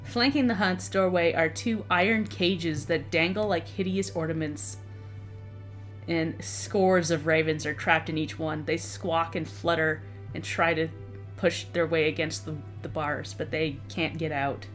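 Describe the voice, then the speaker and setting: A woman's voice: low-pitched, fairly even intonation, measured pace, faint music behind. A woman narrating a tabletop game as dungeon master, describing scenes with occasional stumbles and repeated words.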